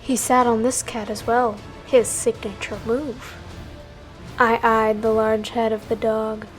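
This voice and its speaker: A woman narrating a dramatic animal battle story, with animated delivery that bursts out on the quoted lines. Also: a little high, slow. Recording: music faintly behind.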